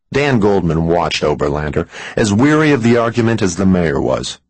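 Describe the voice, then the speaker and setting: Husky, low-voiced male thriller narrator. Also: no echo. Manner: measured, expressive storytelling. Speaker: audiobook narrator.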